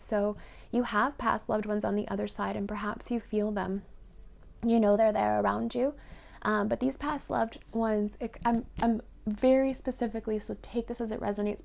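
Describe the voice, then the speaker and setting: A woman's voice: medium pitch, gravelly, darkish tone. A young woman giving an earnest, gushing spiritual card reading, full of fillers and restarts. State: emotional, tearful at times. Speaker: tarot card reader.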